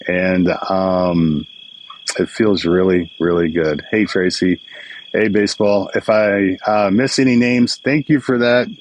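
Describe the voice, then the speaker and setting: An older man with a deep, fairly even, unhurried voice hosts a casual live stream from home, greeting viewers by name in a chatty, emotional way. The low-quality phone or webcam recording has slight hiss or hum, with crickets and insects chirping outside.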